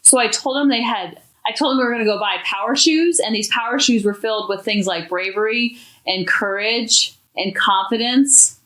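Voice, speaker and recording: A woman hosting a parenting podcast, talking in a chatty, animated, expressive way. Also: a little high, moderate pace. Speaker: podcast host. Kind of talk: casual parenting talk. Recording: echoey room.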